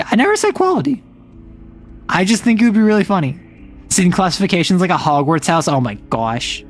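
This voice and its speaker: A man streaming casually, chatting in an excitable way with quick asides. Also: sits high, faint music behind. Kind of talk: casual livestream chat.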